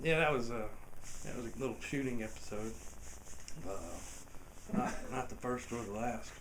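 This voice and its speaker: A man's voice: mid-range voice, moderate pace, crowd noise. A man telling a true story in a casual comic anecdote, swearing freely, laughing between lines and putting on voices for the people in it.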